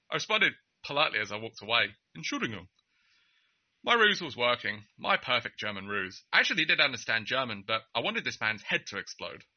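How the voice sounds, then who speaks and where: Wry Essex man telling a story. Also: mid-range voice. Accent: Southeast Essex. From England. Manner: wry, mocking, with stammered restarts and chuckles. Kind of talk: casual storytelling monologue. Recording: slightly muffled recording.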